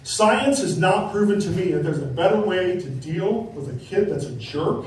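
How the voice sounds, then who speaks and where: A man's voice: high voice, lively intonation, moderate pace, recorded from a distance, noisy background. Middle-aged man doing stand-up in an echoey club. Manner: tag question "right?" after punchlines, acted-out quotes. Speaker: stand-up comedian. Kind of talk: stand-up set. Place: comedy club stage. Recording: echoey club, mic from afar, faint crowd.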